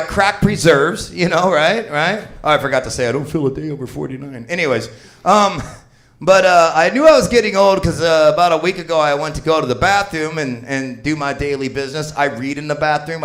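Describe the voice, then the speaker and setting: Profane fifty-year-old man doing stand-up. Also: on the high side. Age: 50s. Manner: crude, rambling, shouts punchlines. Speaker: stand-up comedian. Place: comedy club stage.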